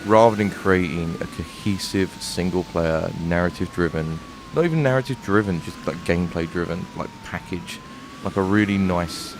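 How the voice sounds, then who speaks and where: A man with a London accent streaming a game and ranting in frustration, swearing often. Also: deep voice. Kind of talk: live gameplay commentary. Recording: noisy home stream recording.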